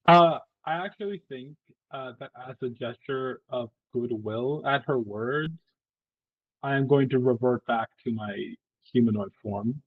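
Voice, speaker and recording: A man's voice: medium pitch, measured pace. A man playing a tabletop game, casual, hesitant and self-deprecating. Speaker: player. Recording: tinny call audio.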